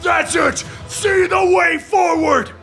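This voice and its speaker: A man voicing Batman as a grim, determined hero, speaking low and gravely in a comic story recap. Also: expressive, moderate pace, fairly bright tone, faint music behind. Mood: shouting. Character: grim determined male Batman in armored suit.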